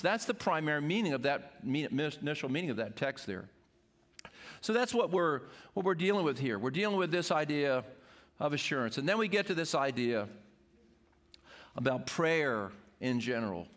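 A man's voice: fairly high pitch, fairly bright tone. An older man, a pastor, preaching an earnest sermon to his congregation.

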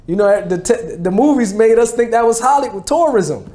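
Man in his 40s from New Jersey, high but mellow voice, slangy personal storytelling. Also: expressive, moderate pace. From New Jersey, USA. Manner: casual street slang, frequent "you know what I mean" and restarts. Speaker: former rapper telling his life story.

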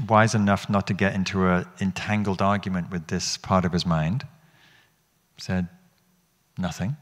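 A man teaching meditation to an audience in a hall, speaking reflectively and asking them questions, often restarting his phrases. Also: low voice. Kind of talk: dharma talk.

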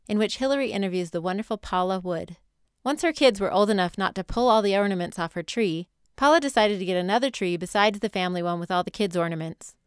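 A woman hosting a podcast, reading her narration in an upbeat, steady way. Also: mid-range voice, clean tone, dry recording, studio quality. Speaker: podcast host.

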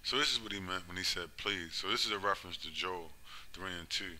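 A man preaching about prophecy in a rhetorical, emphatic way, who keeps asking "right?" and "you see?" and slows down to stress scripture. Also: low voice, sharp tone. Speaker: religious commentator.

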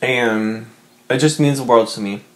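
A man's voice: mid-range voice, a little slow. A young man vlogging from his bedroom, chatting to his viewers in an emotional, rambling way with lots of fillers. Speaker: mukbang vlogger. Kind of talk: casual chat to camera.

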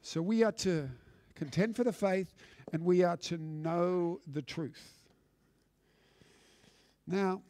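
High-pitched guy preaching in church, emphatic, keeps restarting, dry sound. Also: darkish tone, dry recording. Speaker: pastor. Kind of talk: sermon.

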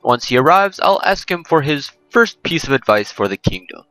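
A man talks through a game in a rambling, jokey way and keeps correcting himself. His voice is bright and animated. He sounds dry and close to the mic, with faint music underneath. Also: on the high side, moderate pace, no room sound, low-quality recording. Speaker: let's play host. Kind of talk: casual gameplay commentary.

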